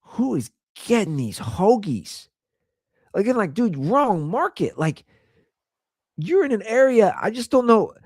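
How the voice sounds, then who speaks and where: A man's voice: high-pitched, very animated, a little slow, long pauses, a little mellow, dry recording, studio quality. A man hosting his own talk show, ranting in a casual way and firing off rhetorical questions. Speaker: podcast host.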